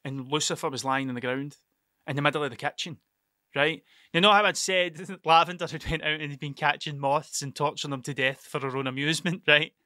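A man's voice: a little high, steady tone, brisk, sharp tone, dry recording, clean studio sound. A young man hosting a solo podcast, telling stories in a rambling, sweary, self-interrupting way. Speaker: podcast host. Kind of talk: casual solo podcast storytelling.

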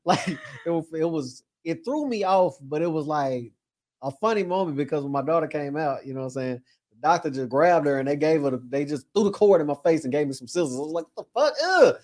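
A man's voice: on the high side, quick pace, darkish tone. A young man co-hosting a podcast, chatting casually, swearing and laughing as he talks. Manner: laid-back, swears a lot, laughs mid-sentence. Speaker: podcast co-host.

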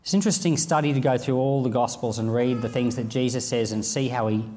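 A man preaching a sermon, reading scripture aloud and acting out the lines of imagined speakers in an animated way. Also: mid-range voice, quick pace, big-room sound, a little hiss or hum.

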